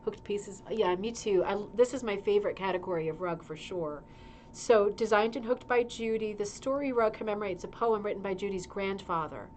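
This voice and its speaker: Woman, middle-aged, casual livestream host, chatty, reading aloud, medium pitch, faint background hum. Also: normal speed. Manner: chatty, reads aloud with asides and laughs. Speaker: show host reading a magazine. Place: indoor room with a humming heater.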